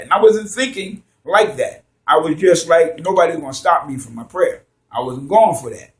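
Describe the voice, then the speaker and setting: A man telling a story in a casual, lively way, acting out the scenes as he goes. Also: medium pitch.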